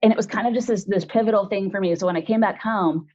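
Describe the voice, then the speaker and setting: A woman's voice: mid-range voice, fast talker, darkish tone, highs cut off. A woman in her forties, an interview guest, telling a personal story in a rambling, frank way full of fillers.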